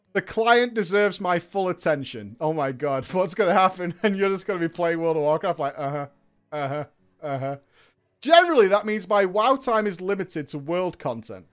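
A man with a high voice reads a story aloud to his viewers, his pitch leaping all over the place. He reads casually and keeps stopping for laughs and sweary, mocking remarks. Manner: lively reading broken by laughs, swearing and mocking asides. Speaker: streamer reading a story aloud. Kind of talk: casual reading with reactions.

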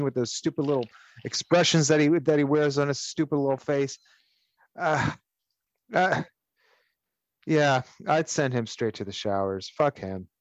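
A man's voice: fairly high pitch, measured pace, dry recording, poor audio. Profane, opinionated male podcast host. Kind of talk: casual podcast banter.

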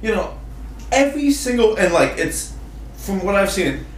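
Recorded from a distance in an echoey room with a little hiss or hum, a high-pitched, expressive man co-hosts a casual podcast at a moderate pace. He rambles, swears, and does mocking voices as he banters.

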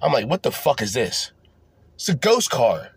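A man's voice: mid-range voice, normal speed, vocal fry, a little hiss or hum. A man hosting a podcast, ranting casually with lots of swearing, restarts and repeated phrases. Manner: animated, profane, rambling with repeated restarts. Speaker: podcast host. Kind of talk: casual profane rant.

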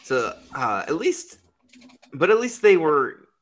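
A man's voice: on the high side, sing-song, slow pace. A man hosting a podcast, rambling through crude, profane comedic banter and laughing at his own jokes. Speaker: podcast host.

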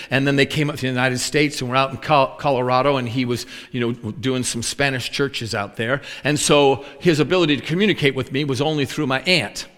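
Male preacher, bright folksy delivery, long hall reverb, joking sermon. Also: mid-range voice.

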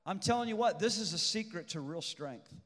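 A man preaching a sermon as pastor, swinging between shouted peaks and hushed intensity and repeating phrases for emphasis. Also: high-pitched, animated, a little fast, long reverb tail.

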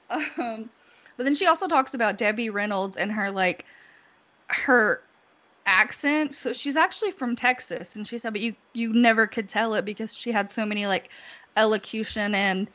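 A woman's voice: a little high, measured pace, long pauses, bright, forceful tone. A woman casually chatting as a podcast co-host, laughing often as she retells what she has heard. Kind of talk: casual chat.

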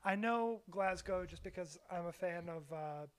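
Man, high voice, podcast co-host, casual movie chat, dry matter-of-fact quips. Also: a little slow, clean tone.

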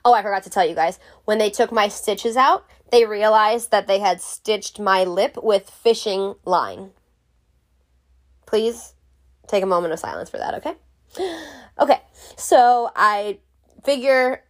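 A woman's voice: mid-range voice, a little slow. A woman vlogger telling a story to camera in a casual way. She is frank, jokey and swears freely.

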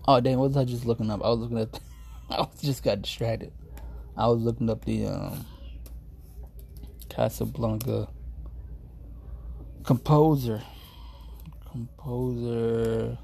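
A man's voice: mid-range voice, fairly even intonation, measured pace, gravelly, long pauses, mellow, breathy edge. A man chatting casually to his viewers, rambling and easily distracted, full of slang and amused asides. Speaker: streamer reading reviews to viewers. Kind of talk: casual chat.

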